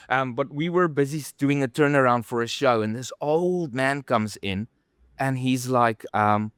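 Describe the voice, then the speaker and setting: Smooth-voiced man telling stories. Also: mid-range voice, no room sound, clean studio sound. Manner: rambling, animated storytelling with many fillers. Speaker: podcast co-host. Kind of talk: casual storytelling chat.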